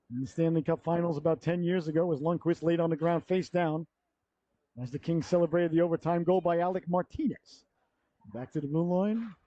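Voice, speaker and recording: A man's voice: a little high, mellow, no room sound. A man calling a youth hockey game play by play, chatty and rambling, full of side stories and self-corrections. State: yawning, running out of breath. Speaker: play-by-play commentator. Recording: dull, lo-fi local broadcast audio.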